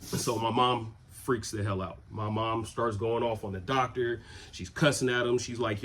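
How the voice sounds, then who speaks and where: A man in his twenties from Southern California, telling a personal story in a relaxed, rambling way with many fillers. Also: mid-range voice, normal speed, slight background noise. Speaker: vlogger. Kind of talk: casual storytelling.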